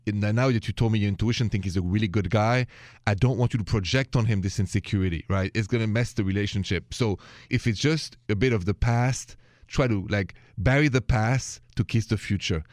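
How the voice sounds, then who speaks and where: A man's voice: lowish voice, brisk, dry recording, clean studio sound. A man hosting a late-night radio advice show, chatting and encouraging callers. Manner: warm, encouraging, speaks with a thick accent. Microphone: studio microphone.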